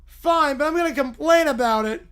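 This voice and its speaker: A man voicing a grumpy little bear cub who whines, stretches his words and shouts his complaints about work. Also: extremely high pitch, voice pushed up. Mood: whiny complaining. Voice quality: whiny, complaining. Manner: drawn-out, loud, near-shouted protests.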